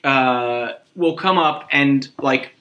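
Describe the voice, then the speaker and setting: A man's voice: medium pitch, takes it slowly, sharp tone, muffled recording. A man co-hosting a podcast in casual chat, telling stories animatedly and swearing casually. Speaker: podcast co-host.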